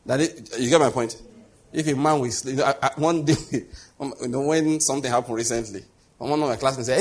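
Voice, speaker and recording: A man's voice: mid-range voice, fairly quick. A man preaching a conversational sermon as a pastor, full of rhetorical questions.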